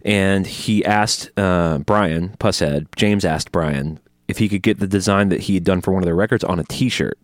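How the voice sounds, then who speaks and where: A man hosting a podcast in casual chat, telling stories with lively acted-out quotes. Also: low-pitched, moderate pace, hardly any pauses, dry recording, clean studio sound. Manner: animated storyteller, acts out quotes. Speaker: podcast host.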